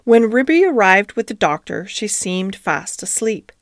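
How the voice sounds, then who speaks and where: Woman narrator, children's storybook, gentle and expressive, dry close mic. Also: medium pitch, measured pace, no room sound.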